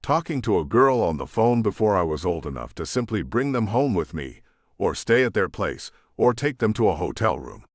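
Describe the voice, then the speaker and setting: A man narrating a first-person romance audiobook in a relaxed, conversational way, close to the mic. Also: fairly low pitch, moderate pace, no room sound.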